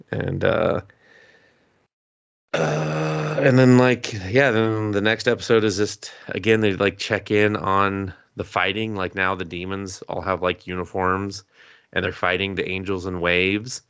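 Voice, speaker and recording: Deep-voiced man recapping a show, dry sound. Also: measured pace, vocal fry, no echo. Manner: animated storytelling, acting out characters' lines, laughs often, swears casually. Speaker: podcast co-host. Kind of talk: casual chat, recapping an anime episode.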